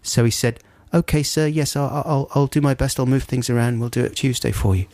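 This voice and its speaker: A man co-hosting a radio show, telling a long anecdote in casual chat, and his voice climbs high when he acts out his anger. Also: steady tone, brisk, darkish tone, no room sound, studio quality. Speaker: radio co-host. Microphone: studio microphone.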